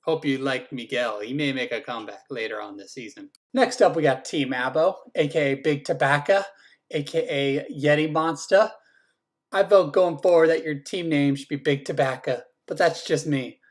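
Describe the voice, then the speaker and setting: A man's voice: a little high, moderate pace. Guy running his fantasy league, goes team by team, jokey and teasing, swears some. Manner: joking, teasing, swears casually. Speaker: fantasy football league commissioner. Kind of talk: casual team-by-team draft rundown.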